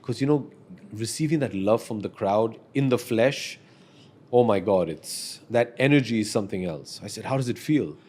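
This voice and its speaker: Podcast guest, forties, deep-leaning voice, sincere and animated storyteller. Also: male voice, moderate pace. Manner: earnest, reflective, animated when telling stories.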